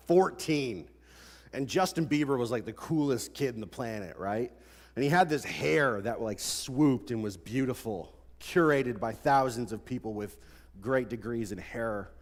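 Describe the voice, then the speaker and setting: A man in his twenties preaching a sermon, animated and conversational, full of rhetorical questions. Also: medium pitch. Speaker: pastor. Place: large church hall. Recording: long church hall reverb.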